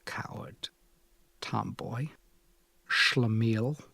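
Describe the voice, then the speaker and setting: A blunt, moralizing young woman scolds from an audiobook page, read out by a man. The voice is husky and dry, with no room around it. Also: medium pitch, very slow, bright, forceful tone, no echo, whispered, exaggerated voice. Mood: contemptuous.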